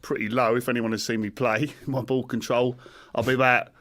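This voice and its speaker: A man who is a guest on a football podcast, a former manager talking through old times in a measured, self-deprecating way. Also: medium pitch, little pitch movement, fairly bright tone. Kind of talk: casual podcast chat. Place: studio.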